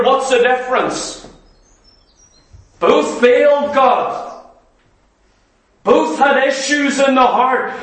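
A man's voice: very high-pitched, a bit bright, distant mic. A man preaching a sermon, earnestly putting questions to the congregation. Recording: echoey hall, voice away from the mic.

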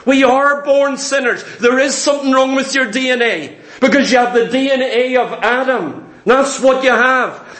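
Guy preaching hard, real high voice, keeps asking the crowd questions, echoey church room. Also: a bit bright. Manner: fervent, rhetorical questions, quotes opponents mockingly. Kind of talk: sermon.

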